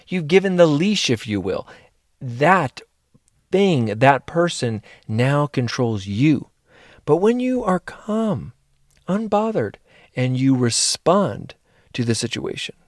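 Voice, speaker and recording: A man's voice: mid-range voice, darkish tone, no room sound, clean studio sound. Guy giving a pep talk straight to you, keeps repeating his point, no room sound at all. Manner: direct, earnest, repeats phrases for emphasis. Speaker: life coach and mentor. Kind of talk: motivational monologue to camera.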